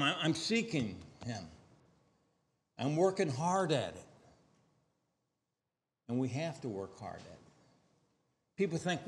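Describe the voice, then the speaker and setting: A man preaching a sermon, emphatic, swinging from loud stressed lines to quiet asides. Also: mid-range voice, expressive, slow, pauses often, big-room sound.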